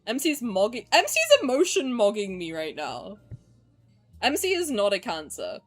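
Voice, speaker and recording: A young woman streamer excitedly commenting on a game playthrough, swearing and laughing often. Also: medium pitch, normal speed, faint music behind.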